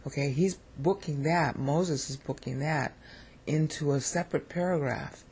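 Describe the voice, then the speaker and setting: A Bible teacher with an American accent talks through on-screen slides in a loose, wandering lecture. The voice is gravelly and rough-edged with a husky grain, and it keeps checking in with the listener as it goes. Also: mid-range voice, normal speed, darkish tone. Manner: digressive, chatty, often checks in with "okay?".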